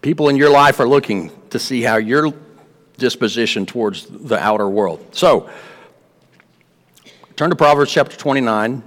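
A man preaching a sermon in a relaxed, conversational manner, with a mid-range voice. He repeats phrases and throws questions out to the congregation. His voice carries a long reverb from a large hall. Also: medium pitch, moderate pace, long pauses. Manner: conversational, repeats words, asks the crowd. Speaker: pastor.

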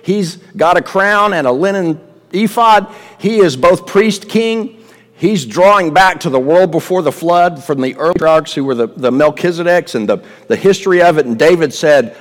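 A man's voice: a little high, expressive, normal speed, in a large hall. A pastor preaching a sermon to his congregation, emphatic and asking them questions as he teaches.

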